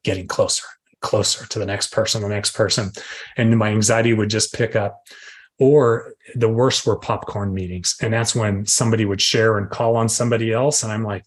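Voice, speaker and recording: A middle-aged man giving a candid, self-deprecating recovery share, acting out his own inner voices. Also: lowish voice. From Arizona, USA. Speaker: recovery speaker.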